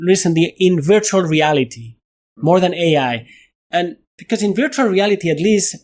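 A middle-aged man with a Spanish accent, speaking as a guest in a thoughtful interview, animated, often restarting his sentences and laughing at himself. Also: fairly high pitch. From Spain. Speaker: guest, neuroscientist.

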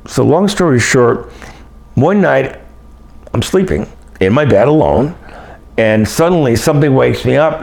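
An older man, a guest in an interview, telling personal stories in a casual, animated way and acting out the voices he quotes. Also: mid-range voice, vocal fry. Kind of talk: casual storytelling.

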